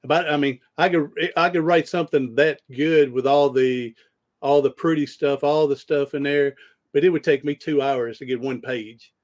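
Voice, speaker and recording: A man's voice: fairly high pitch, steady tone, normal speed. A man hosting a podcast, telling rambling stories in casual conversation with frequent restarts. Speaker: podcast host.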